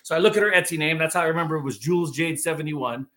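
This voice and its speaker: A man's voice: a little high, rapid-fire, pushed and bright. A man guest on a podcast, telling a story casually and animatedly, full of filler words and acted-out quotes.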